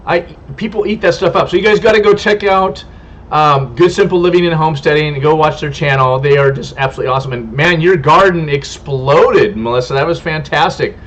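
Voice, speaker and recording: Reading comments aloud on his casual homestead stream, a California man chats with viewers in a friendly, meandering way and fumbles names. His voice sits on the high side, fairly bright and fairly quick, over dull lo-fi audio.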